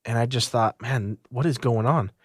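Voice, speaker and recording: A man's voice: mid-range voice, normal speed, no room sound, studio quality. Young man telling a gripping personal story. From Utah, United States. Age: young adult. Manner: vivid, earnest storytelling. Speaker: interviewee.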